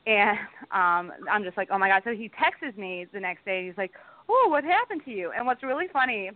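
A young woman guest telling a bad-date story in casual chat, animated and swearing. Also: mid-range voice, a little fast, dry recording. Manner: animated, swearing, acting out quotes. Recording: tinny phone-like line.

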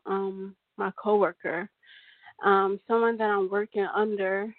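A woman's voice: medium pitch, little pitch movement, a little slow, no echo. A woman from California calling in to a radio show, talking hesitantly with many ums and restarts. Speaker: caller. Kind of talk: phone call to a radio show. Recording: dry tinny phone line.

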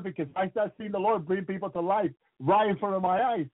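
Fervent high-voiced man preaching, tinny sound. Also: fairly quick, no echo. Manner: fervent, often breaks in with praise exclamations; repeats words and restarts phrases. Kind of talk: testimony sermon. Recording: tinny phone-like broadcast sound.

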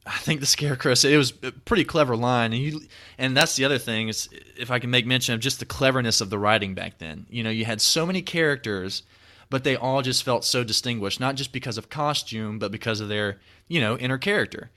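A young man in his twenties hosts a podcast with a bright, forward voice. He muses at length in a relaxed, rambling way, often circling back to restart his thoughts. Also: medium pitch, a little fast. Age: 20s. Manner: rambling, reflective, many restarts. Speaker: podcast host. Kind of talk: casual chat.

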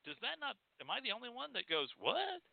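A man's voice: very high voice, very animated, quick pace, creaky, dry recording. A man hosting a show, ranting in a profane, sarcastic, emphatic way. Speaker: podcast host teaching folk magic. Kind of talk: ranting monologue. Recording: tinny, phone-like, dry.

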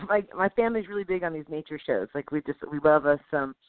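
Excitable woman telling a story on a phone line. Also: deep voice, fast, no room sound. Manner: animated, mimics sounds and voices, laughs often. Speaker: podcast co-host. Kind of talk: casual storytelling chat. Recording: tinny phone-like sound, dry.

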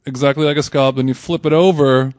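A man's voice: mid-range voice, steady tone, fast, darkish tone, no room sound, studio quality. A man hosting a casual food podcast, rambling and laughing often as he talks. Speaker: podcast host. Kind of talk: casual chat.

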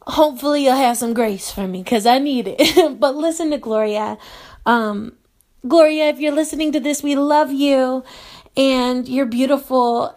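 A woman with a slightly raised pitch introduces her radio show. She talks in a loose, rambling way, full of fillers and self-conscious asides. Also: a little mellow. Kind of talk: chatty spoken show introduction.

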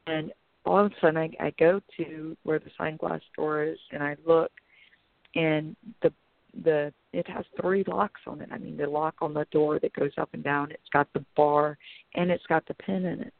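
A woman's voice: low-pitched, fairly even intonation, moderate pace, creaky, no room sound. A woman pastor and author, telling a personal story with earnest drama and turning it into a sermon-like message, heard over the phone. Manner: earnest, dramatic retelling with quoted inner thoughts. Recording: tinny phone line.

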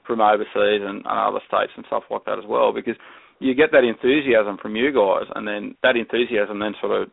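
An Australian man talks in a relaxed, rambling way, his low voice full of gravelly fry. He sounds dry and close, squeezed through a thin, phone-like call line. He laughs often and restarts his sentences as he goes. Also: brisk, no room sound. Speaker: guest herpetologist. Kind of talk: casual podcast chat. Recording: tinny phone-like call audio.

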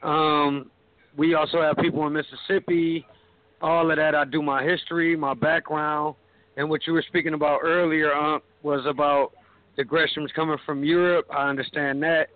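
A man in his forties from Cleveland, Ohio, introducing himself as a caller in a casual, steady way. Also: a little high, moderate pace, dry recording. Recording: tinny phone-line audio.

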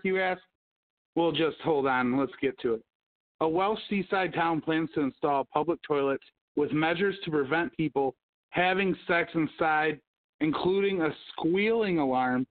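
A man hosting a casual podcast, rambling and swearing constantly as he tells stories. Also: on the high side. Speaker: podcast host. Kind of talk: casual profane chat. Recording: tinny phone-like audio.

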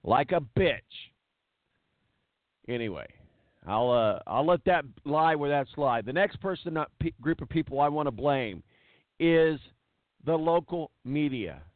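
Guy hosting sports talk, ranting hard, kinda high voice, sounds like a phone line. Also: lively intonation, measured pace, long pauses, no room sound. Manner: emphatic, blunt, repeats words for stress. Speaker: sports talk show host. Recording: tinny phone-like dry sound.

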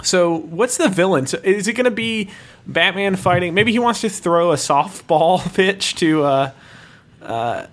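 A man's voice: high-pitched, expressive, unhurried. A young man improvising comedy bits on a podcast, rambling playfully and laughing as he goes. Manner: rambling and playful, often laughing while acting out characters. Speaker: podcast co-host.

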